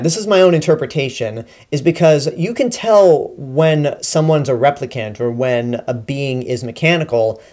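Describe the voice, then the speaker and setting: A man at a mid pitch for a male voice speaks in a relaxed, conversational review style. He states his opinions plainly and leans on points with lively emphasis. It sounds like a host talking straight to his regular viewers. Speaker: movie reviewer. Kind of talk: casual spoken film review.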